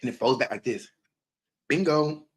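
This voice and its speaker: A man's voice: mid-range voice, moderate pace, slightly rough. A man hosting a casual livestream, reacting to viewer comments with emphatic, repetitive, profanity-laced talk. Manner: emphatic and repetitive, swears freely. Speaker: livestream host.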